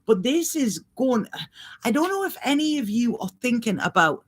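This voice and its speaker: A woman works through an improvised astrology and intuitive reading. Her talk is halting and meandering, with phrases started over as she goes. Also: a little high, very animated. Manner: halting, rambling, restarts phrases.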